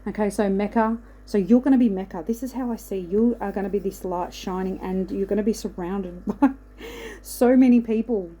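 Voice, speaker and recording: A woman's voice: medium pitch, moderate pace, warm tone, slight background noise, poor audio. A woman giving a casual spiritual card reading, rambling and reassuring, often checking in with "okay". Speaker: oracle card reader.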